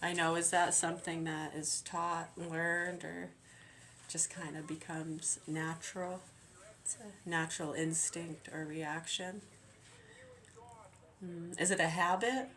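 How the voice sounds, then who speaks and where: A woman with a low, deep-set voice talks on in a loose, rambling monologue. She sounds aggrieved and swears freely, circling back over her words with hesitant restarts. She is middle-aged and speaks as a mother venting. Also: flat delivery, takes it slowly, a bit bright.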